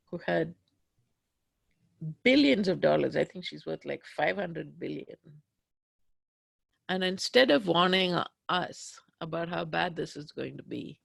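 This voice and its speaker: A woman leading a guided tapping session, speaking slowly and emphatically as she voices raw anger and fear. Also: fairly low pitch, creaky, dry recording. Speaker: tapping practitioner.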